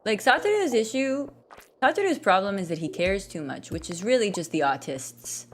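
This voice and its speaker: With an animated, mid-range voice at a moderate pace, a young woman streams a farming game and chats casually. Her commentary is rambling and self-deprecating, and slight background noise can be heard.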